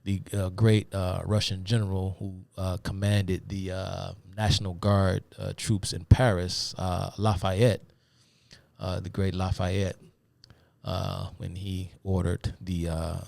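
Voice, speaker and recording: Male host, casual lecturer who wanders and fills pauses; very low voice, dry close recording. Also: level tone, creaky, a little mellow, no room sound. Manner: rambling, many fillers, addresses viewers as y'all. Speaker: host of a live talk stream. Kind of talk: casual live-stream lecture.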